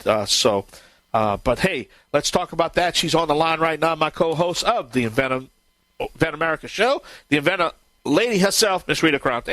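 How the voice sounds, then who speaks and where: A man's voice: fairly high pitch, animated, moderate pace, pushed and bright, no echo. A man hosting a home improvement radio talk show, upbeat and rambling with lots of filler words.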